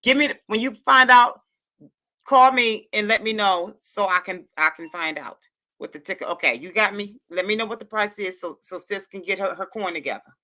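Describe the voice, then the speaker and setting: A woman hosting a casual livestream chat, excitable and laughing often as she reads out viewer comments. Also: medium pitch, normal speed. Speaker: livestream host.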